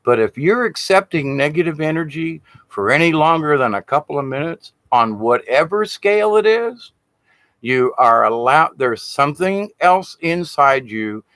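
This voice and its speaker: Male shaman teacher with a lively, swinging delivery, plain-spoken and blunt, who swears casually. Dry, close sound. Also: fairly high pitch, moderate pace, no room sound. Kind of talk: informal spiritual teaching monologue.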